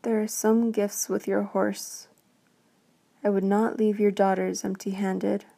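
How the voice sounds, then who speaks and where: A woman voicing a huge, furious male beast in a whispered role-play from a storybook, speaking slowly with a growl. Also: medium pitch, little pitch movement, vocal fry, dark tone. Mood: gruff. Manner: slow, growling, spitting words.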